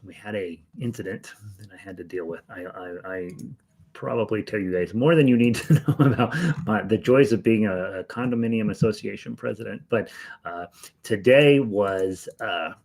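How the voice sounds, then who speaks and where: A man with a slightly low, nasal voice that he himself likens to a frog. He talks in a loose, rambling way, greeting viewers by name as he gets an online harmonica class going from home. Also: normal speed, darkish tone. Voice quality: nasal, self-described as frog-like. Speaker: online music teacher. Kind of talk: casual livestream class chat. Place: home, in Denver.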